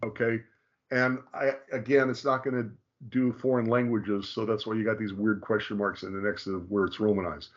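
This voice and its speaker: Man explaining with halting restarts. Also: on the low side, little pitch movement, dull audio. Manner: halting, frequent restarts, slow drawn-out stress on names. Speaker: presenter. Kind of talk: casual explanatory discussion.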